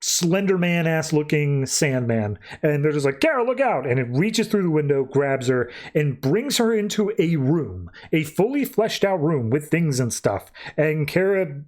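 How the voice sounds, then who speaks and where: A man with a somewhat high-pitched voice hosts a podcast and recaps a story in casual conversation. His delivery is chatty and loose, leaning on filler words as he goes. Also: expressive, measured pace, hardly any pauses, a little mellow. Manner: chatty retelling studded with filler "like". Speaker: podcast host. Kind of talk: casual comic-book recap.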